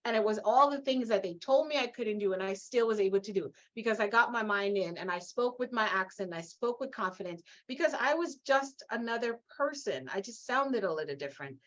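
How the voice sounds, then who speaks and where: A middle-aged woman from Guyana with a Guyanese accent, telling her story as an interview guest in an emphatic, animated way, laughing often. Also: fairly high pitch, a little fast, few pauses, dull audio. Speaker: guest, leadership coach.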